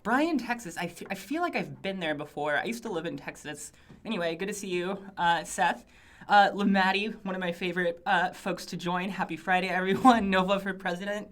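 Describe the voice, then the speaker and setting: A woman's voice: lowish voice, brisk. A woman hosting a casual live stream from a small office studio, reading out viewer greetings in an upbeat, rambling way with lots of fillers. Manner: chatty and upbeat, rambling asides with frequent fillers. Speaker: livestream host.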